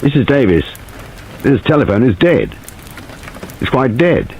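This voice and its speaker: A man's voice: mid-range voice, sing-song, a little slow, darkish tone, a little hiss or hum, voice pushed up. A man voicing a stiff military major who talks in short, staccato phrases.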